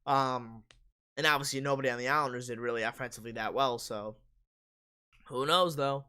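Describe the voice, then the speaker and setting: A man hosting a live sports stream, casually reading viewer comments aloud and answering them while his voice is going hoarse. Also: mid-range voice, brisk, sharp tone.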